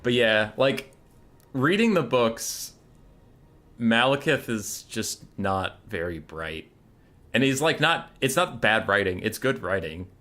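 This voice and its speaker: Bright-voiced man ranting on a game stream. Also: mid-range voice, big pitch swings, takes it slowly. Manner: rambling, laughing rants with swearing; reads chat aloud and answers it. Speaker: streamer hosting a strategy game tournament. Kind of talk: casual live-stream chat while playing.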